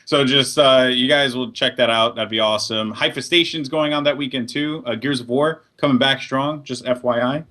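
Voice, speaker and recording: Playful man with a bright voice. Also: mid-range voice, fairly even intonation, normal speed, few pauses. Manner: playful, joking, breaks into shouting mock commentary. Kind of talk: casual podcast chat.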